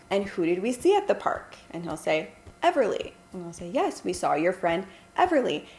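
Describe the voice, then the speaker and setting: Earnest young mom vlogger, echoey room. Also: female voice, mid-range voice. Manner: earnest, explanatory, models slow simple phrases for a toddler. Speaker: vlogger, stay-at-home mom. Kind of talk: casual advice vlog.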